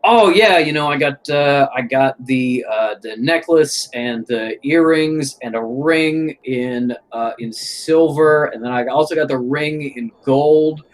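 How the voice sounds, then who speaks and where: A man voicing a chaotic, hug-happy male arcanist with a Boston accent and a booming, boisterous way of talking. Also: a little slow, hardly any pauses, natural voice. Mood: cheerful.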